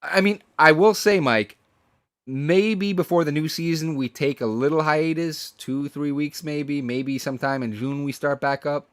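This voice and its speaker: A man's voice: a little high, steady tone, measured pace, dry recording, studio quality. A man co-hosting a casual podcast, rambling and hesitant with frequent restarts. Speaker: podcast co-host.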